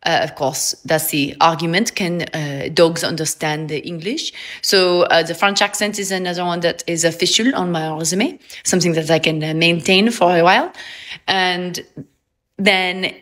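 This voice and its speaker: A woman's voice: lowish voice, steady tone, moderate pace, a bit bright. A woman, chatting casually and upbeat on a livestream and laughing often. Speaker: livestream host.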